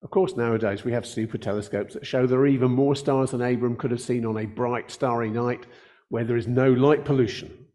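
An older man preaching a sermon, earnest in tone, slowing down to stress key words. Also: medium pitch, steady tone, dark tone. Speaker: pastor.

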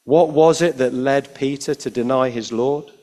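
A man delivers a sermon in a mid-pitched voice, retelling a scripture passage as an expressive story. He swings between emphatic, raised passages and quiet, hushed lines. He often draws the listeners in with rhetorical tag questions. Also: normal speed. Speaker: preacher.

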